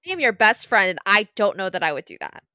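A woman co-hosting a podcast, reacting with playful, expressive exaggeration in casual chat. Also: medium pitch, quick pace, no room sound, clean studio sound. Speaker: podcast co-host.

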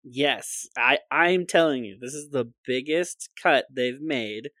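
A man co-hosting a casual podcast chat, eagerly retelling a film scene and slipping into quick voices for the quotes. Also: mid-range voice, no room sound. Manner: animated storyteller, puts on quick voices for quotes. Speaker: podcast co-host.

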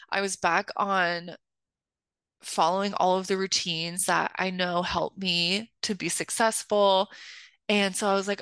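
A woman's voice: mid-range voice, a bit bright, no room sound. A young adult woman hosting a solo podcast, talking candidly and confessionally with lots of filler words. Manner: chatty and confessional, heavy use of filler "like". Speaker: podcast host and spiritual life coach.

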